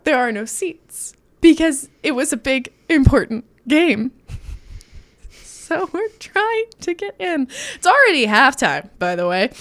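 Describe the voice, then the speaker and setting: A woman co-hosting a podcast, telling a personal story in casual chat, acting out quotes and laughing often. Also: high voice.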